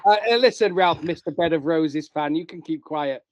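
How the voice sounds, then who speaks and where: A man's voice: fairly high pitch, normal speed, lo-fi sound, crowd noise. A man from England co-hosting a music podcast, defending his opinions with laughs and restarts. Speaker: podcast co-host. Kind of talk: casual chat.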